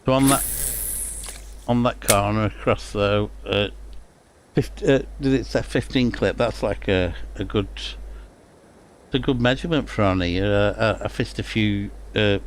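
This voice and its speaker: A man's voice: on the low side, measured pace, a little hiss or hum. A middle-aged man from England with a Lancashire accent, giving casual, rambling commentary on a fishing game with many fillers and restarts. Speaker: streamer.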